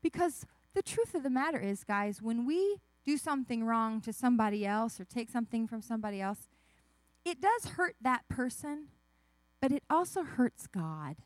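A woman giving a children's sermon, telling a story with lively asides and questions to the kids. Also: a little high, moderate pace, dry recording. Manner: animated, asks the kids questions, acts out voices. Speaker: children's message speaker.

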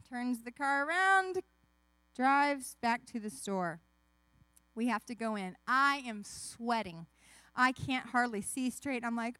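A woman giving a children's sermon, telling a story with lively asides and questions to the kids. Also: a little high, normal speed, dry recording. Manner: animated, asks the kids questions, acts out voices. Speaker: children's message speaker.

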